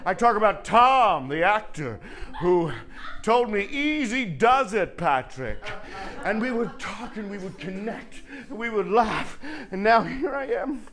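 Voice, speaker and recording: A man's voice: high voice, animated, a little slow, a bit bright. A man performing a confessional stage monologue, earnest and emotional as he speaks to his late mother, tearful at times.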